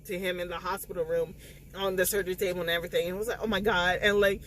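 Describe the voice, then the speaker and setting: A woman, recapping a novel in a casual spoiler vlog, tearful and animated as she acts out the scenes. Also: on the low side, rapid-fire, low-quality recording. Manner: animated, emotional retelling with quoted dialogue. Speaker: book vlogger.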